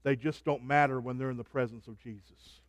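A man preaching a sermon, swinging from soft, low asides to loud, rising proclamations. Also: fairly even intonation, a little fast, dry recording.

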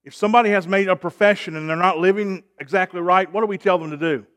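A man's voice: high-pitched, quick pace, a bit bright. A man delivers a sermon from the pulpit. He preaches emphatically and swells in volume to drive home each key point. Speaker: pastor.

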